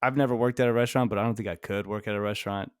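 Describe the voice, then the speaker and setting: A man's voice: lowish voice, fairly even intonation, racing, clean tone, dry recording, studio quality. Laid-back podcast co-host man. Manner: laid-back, easygoing slang. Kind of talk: casual podcast chat.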